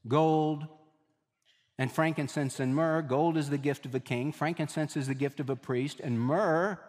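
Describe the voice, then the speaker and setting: A male pastor delivering an emphatic sermon, repeating key phrases and slowing down for weight. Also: a little high, steady tone, darkish tone. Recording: long hall reverb.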